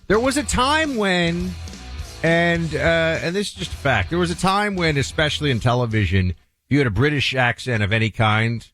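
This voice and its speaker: A man co-hosting a radio talk show, joking in casual banter with his pitch jumping up often. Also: expressive, moderate pace, fairly bright tone, faint music behind. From Northeastern United States. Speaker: radio co-host. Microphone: studio microphone.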